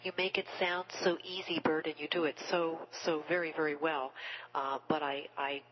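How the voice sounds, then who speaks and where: Low-voiced woman hosting a radio interview. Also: flat delivery, lo-fi sound. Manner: halting questions with fillers. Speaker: interview host.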